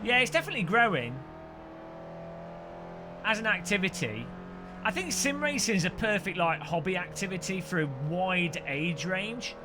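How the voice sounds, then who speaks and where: A man's voice: high-pitched, very animated, normal speed, pauses often, music in the background. A man with a Midlands accent chatting and joking on a live stream while racing. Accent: English Midlands. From English Midlands. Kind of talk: live gaming commentary. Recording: noisy with race car sounds.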